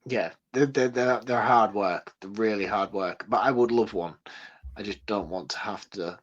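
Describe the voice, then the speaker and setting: A man's voice: lowish voice, moderate pace, slightly rough, lo-fi sound. A man co-hosting a podcast, bantering bluntly and laughing often in casual chat. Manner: laughs a lot, jokey and blunt. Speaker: podcast co-host.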